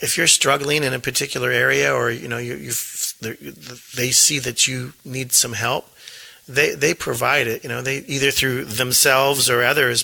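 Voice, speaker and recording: A man's voice: mid-range voice, vocal fry, sharp tone, breathy edge, rough recording. A middle-aged man, a school principal, talking earnestly in an interview and often repeating words as he thinks. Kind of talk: casual interview talk.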